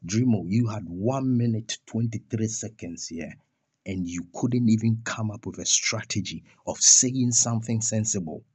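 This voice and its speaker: A man's voice: on the low side, moderate pace, a little mellow, slightly rough, dry recording. A young man ranting in a vlog about a music feud, scornful and firing off rhetorical questions and insults. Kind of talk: heated rant vlog.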